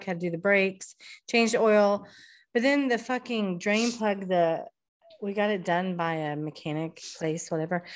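A middle-aged woman co-hosting a podcast, chatting casually and rambling with frequent swearing. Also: medium pitch. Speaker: podcast co-host. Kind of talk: casual chat.

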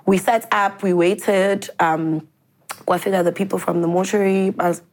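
A woman telling a personal story in an interview, in an earnest, halting way. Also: medium pitch, fairly even intonation. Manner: earnest, halting, mixes English and isiZulu phrases.

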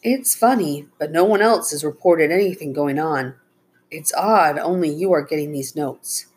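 Woman reading a brisk commanding park ranger. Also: low voice, a little mellow, close to an everyday voice. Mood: puzzled. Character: adult male park ranger, firm and in charge.

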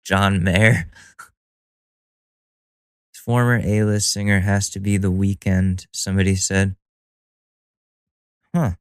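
A man's voice: low-pitched, flat delivery, slow pace, pauses often, smooth, dry recording. A man hosting a solo podcast in a casual monologue. He is profane and sardonic and laughs at his own jokes. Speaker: podcast host.

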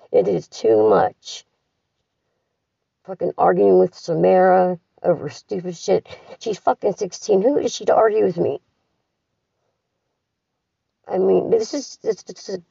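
A middle-aged woman with a husky, heavily gravelly voice leaves a bitter, profane voice message. She talks slowly and sounds tired and grieving. The phone recording is dull and lo-fi, with her set back from the mic. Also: mid-range voice, mellow, no echo, recorded from a distance. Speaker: caller leaving a voice message. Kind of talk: raw venting voice message.

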